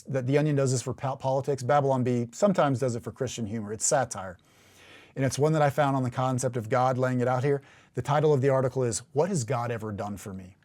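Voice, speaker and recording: A man hosting a casual Bible teaching podcast, chatty and animated, reading scripture quotes slowly and dramatically. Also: medium pitch. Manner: chatty and animated, bursts of laughter and emphatic rises.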